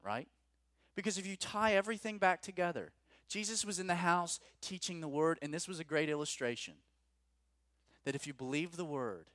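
A man preaching a sermon as pastor, rising to loud emphatic peaks and dropping to quiet, low lines. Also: dry recording, studio quality. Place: church.

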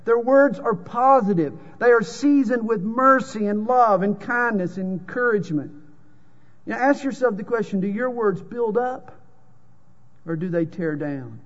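A man with a Southern US drawl preaching a sermon, telling folksy jokes and reading scripture. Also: sits high. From American South. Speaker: pastor. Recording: dull lo-fi sound with long hall reverb.

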